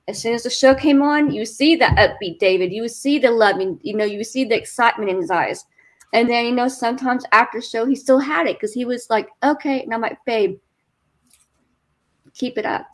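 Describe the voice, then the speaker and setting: A woman on a video call giving a rambling, halting spoken tribute to her late husband, her words often trailing off softly. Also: on the high side. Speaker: widow sharing memories at a memorial.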